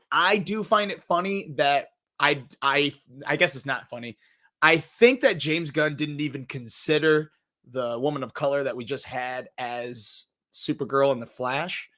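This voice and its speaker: A young man hosts a casual entertainment news show as a podcast, rambling and joking, cursing now and then, and sometimes trailing off into mumbles. His voice is medium-pitched, bright, and forceful.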